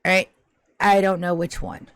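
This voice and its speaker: A woman's voice: lowish voice, level tone, moderate pace, smooth, no echo, close to an everyday voice. A woman voicing a stammering, pleading old ghost. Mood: flustered. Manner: stammering, rambling, anxious. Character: restless centuries-old ghost, pleading and flustered. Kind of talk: tabletop game role-play.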